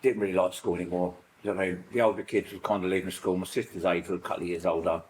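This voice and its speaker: In a recovery group, a middle-aged British man shares childhood stories, rambling and animated, packed with fillers and acted-out quotes. His voice is deep and rapid-fire, and the recording is rough.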